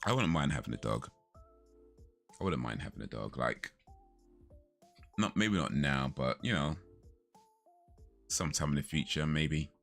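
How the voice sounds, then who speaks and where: A man's voice: very deep voice, animated, a little slow, long pauses, fairly bright tone. A young man casually chatting with viewers on a live stream, rambling, correcting himself and laughing often. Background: faint lo-fi music.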